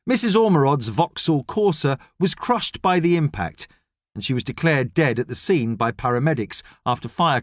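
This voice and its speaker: A man narrating an audiobook with an expressive storytelling delivery. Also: fairly high pitch, no echo. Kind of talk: scripted narration. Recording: dry studio sound.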